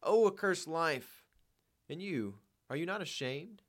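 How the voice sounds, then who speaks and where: Man doing a feverish woman in a frenzy, pitched well up, shrill and accusing, swinging wildly. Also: expressive, a little slow, fairly bright tone. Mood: frenzied. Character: frantic, feverish woman screaming at her husband.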